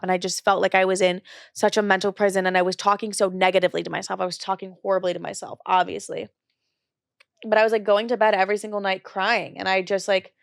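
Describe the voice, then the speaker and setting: A woman's voice: medium pitch, creaky, dry recording, studio quality. A young woman in her twenties hosting a podcast, telling her own story in a candid, confessional way, with many casual fillers. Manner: candid, confessional, says "like" often. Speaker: podcast host. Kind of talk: personal storytelling.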